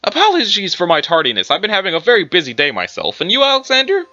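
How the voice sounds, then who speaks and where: A man's voice: high-pitched, wildly swooping pitch, fast, pushed and bright, pitched above the performer's own voice, full character voice. A man playing a smug, wicked old executive. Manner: smooth, condescending, teasing. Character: elderly powerful male board member, smug and wicked. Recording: muffled recording with background music.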